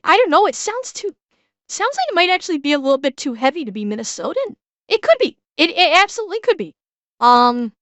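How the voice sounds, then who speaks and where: A woman streamer chatting casually as she reacts, excitable and swearing freely, often restarting her sentences. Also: sits high, no room sound.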